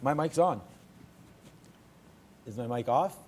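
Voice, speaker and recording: Hoarse man cutting in on a stream. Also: mid-range voice, lively intonation, slow, darkish tone. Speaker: trading stream co-host. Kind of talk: casual chat.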